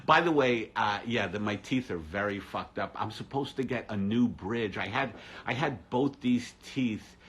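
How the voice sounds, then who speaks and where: A male comedian hosting a livestream from his apartment, rambling through a sardonic monologue with deadpan gloom. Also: mid-range voice, slow, slight background noise. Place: at home in an apartment.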